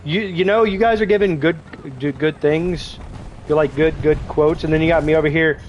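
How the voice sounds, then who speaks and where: A man's voice: fairly high pitch, steady tone, normal speed, dull audio, slight background noise. A man streaming a tank game, casually chatting and joking while reading viewer messages aloud. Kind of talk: casual gaming livestream chat.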